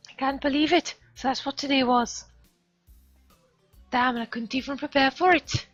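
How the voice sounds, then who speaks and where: A woman voicing a paranoid, reclusive teenage boy who rants in loud, panicky outbursts. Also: sits high, normal speed, slightly rough, voice pushed up. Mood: frantic. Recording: dull lo-fi stream audio, faint music.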